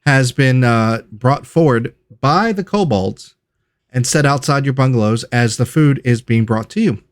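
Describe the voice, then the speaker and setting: A man's voice: medium pitch, a little slow. Man running a tabletop game. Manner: relaxed, with fillers. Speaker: game master.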